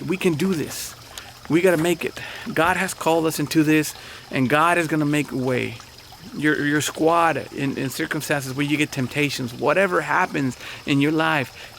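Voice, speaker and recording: A man's voice: medium pitch, vocal fry, fairly bright tone, slight background noise. A man preaching as a pastor in an earnest, encouraging way, often repeating and restarting his phrases. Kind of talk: motivational sermon talk.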